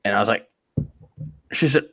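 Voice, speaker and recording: A man hosting a podcast, telling rambling everyday anecdotes in a relaxed, chatty way. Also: normal speed, no echo, clean studio sound. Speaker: podcast host. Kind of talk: casual chat.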